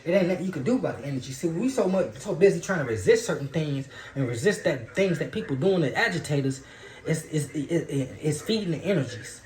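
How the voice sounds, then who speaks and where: A man's voice: a little high, lively intonation, brisk, darkish tone. A man giving a loose, profane, preachy spiritual monologue in casual talk. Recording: roomy echo.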